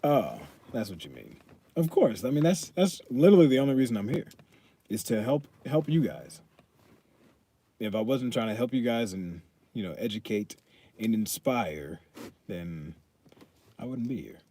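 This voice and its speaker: A man's voice: medium pitch, very animated, moderate pace, long pauses, dark tone. A young man, chatting casually on his fitness live stream, loose and joking and swearing freely as he reads chat aloud.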